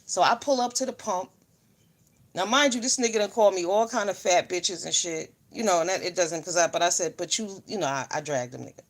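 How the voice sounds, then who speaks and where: A woman hosting a casual livestream, telling stories loudly with lots of swearing and greeting viewers by name. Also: on the low side, brisk. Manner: loud, profane, animated storytelling, greets viewers mid-story. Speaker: livestream host.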